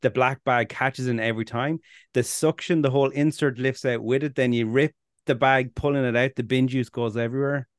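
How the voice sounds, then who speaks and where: Irish guy cohosting a podcast, lively and sweary, mid pitch, dead dry sound. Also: fairly quick, no echo. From Ireland. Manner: animated, swearing, laughing. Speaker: podcast co-host. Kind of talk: casual chat.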